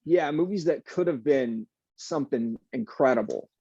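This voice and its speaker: A man's voice: mid-range voice, normal speed, vocal fry, husky, no echo. Young man, actor guest, casual chat, dry close sound, slightly dull audio. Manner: easygoing, animated storytelling with fillers.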